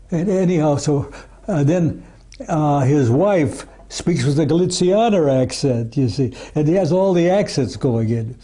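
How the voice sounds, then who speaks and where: A man on the higher side of male pitch, with a mellow, rounded tone. He talks as an archivist in a casual interview and wanders from point to point. He restarts his sentences and tags them with "you see.". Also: expressive, unhurried, husky. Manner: rambling, with many restarts and asides of "you see" and "you know".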